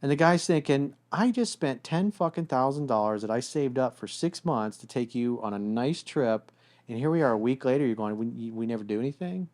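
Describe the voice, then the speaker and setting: A man talks through relationship advice with a co-host, blunt and casual, and he swears freely. He keeps slipping into quick imitations of a couple arguing. His voice sits at an ordinary middle pitch. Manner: blunt, animated, acts out quoted voices. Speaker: relationship coach.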